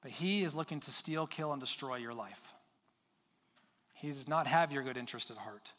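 A man preaching a sermon as pastor, earnest and urging, stressing his points with pauses and repeated words. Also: medium pitch, big-room sound, noisy background. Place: church sanctuary with long reverb.

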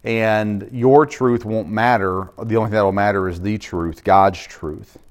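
A man's voice: on the low side, fairly even intonation, unhurried. A middle-aged man, a pastor, preaching a sermon in a conversational way, with frequent fillers and restarts.

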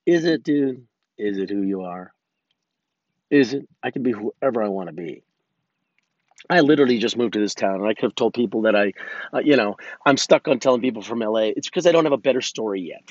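A man talking alone into a close podcast mic, rambling and candid, his sentences full of swearing and restarts. His voice sits at an ordinary pitch. The recording is dry and a little dull. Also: lively intonation, normal speed, no echo. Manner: candid, self-reflective. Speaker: podcast host. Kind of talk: casual solo podcast monologue.

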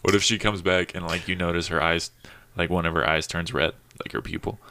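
Deep gravelly laid-back man. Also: fairly even intonation, brisk, bright, forceful tone, no room sound. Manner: laid-back, lots of "like", laughs easily. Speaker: comedian friend. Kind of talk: casual chat.

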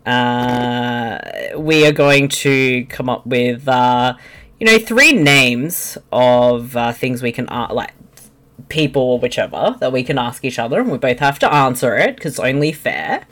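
Woman, podcast host, unhurried and playful. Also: extremely low pitch, animated, a bit bright. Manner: playful, laughs easily. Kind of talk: casual chat.

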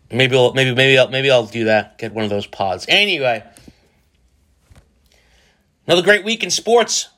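A man's voice: medium pitch, fairly bright tone. A man, hosting a casual solo podcast and rambling jokily, with a lot of profanity and restarts. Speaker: podcast host.

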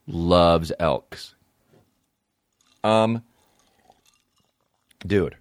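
A man's voice: low-pitched, expressive, measured pace, long pauses, no room sound, studio quality. A man hosting a podcast, talking in a profane, sarcastic, rambling comedic monologue. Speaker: podcast host.

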